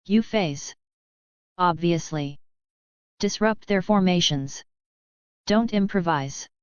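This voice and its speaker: A stern young team leader barks clipped, rigid orders, as a woman narrator voices him. The voice sits low and smooth. The sound is dry and a little dull. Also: takes it slowly, no room sound.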